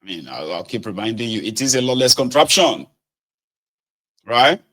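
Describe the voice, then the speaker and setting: A man's voice: medium pitch, very animated, moderate pace, fairly bright tone. A man hosting a casual political commentary show, speaking sardonically and emphatically.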